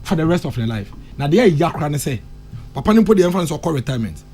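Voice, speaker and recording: Ghanaian guy on morning radio, fired up, slightly high voice, switching into twi and hammering phrases again and again. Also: big pitch swings, racing, darkish tone, a little hiss or hum. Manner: impassioned, mixes English with Twi, repeats phrases for emphasis. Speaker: radio discussion panelist. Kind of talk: morning radio talk show commentary.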